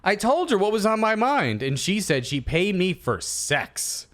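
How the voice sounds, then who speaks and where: A man in his thirties co-hosting a comedy podcast, telling stories in a casual, animated way and acting out quotes. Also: high-pitched, a little slow. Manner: animated storyteller, acts out quotes. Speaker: podcast co-host.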